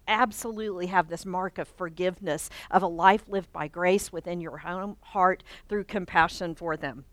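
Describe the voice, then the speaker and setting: A woman from a church staff giving a sermon, telling a personal story in an animated way and laughing often. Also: medium pitch, dry recording.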